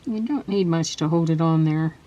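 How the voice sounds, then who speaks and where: A woman hosting a casual crafting tutorial, talking softly and trailing off as she works at her table. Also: sits low, normal speed, highs cut off. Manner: soft-spoken, chatty, trails off while working. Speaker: craft video host.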